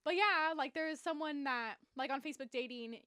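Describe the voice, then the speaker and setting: A woman's voice: high voice, fairly quick, bright, forceful tone, no room sound, clean studio sound. A young woman co-hosting a podcast, chatting casually with lots of fillers. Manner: rambling with many fillers like "like" and "literally". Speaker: podcast co-host. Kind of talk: casual chat.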